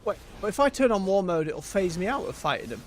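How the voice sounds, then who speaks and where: A very animated man with a high voice talks quickly while streaming an online role-playing game. His casual commentary and out-loud thinking play over game music and slight background noise.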